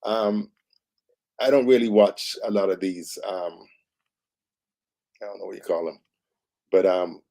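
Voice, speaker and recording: A male co-host on a morning news show with a deep, low voice and a mellow, dark tone. He talks in a relaxed, conversational way, sometimes stammering and restarting before making his point. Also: a little slow, pauses often. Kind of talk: casual talk-show commentary.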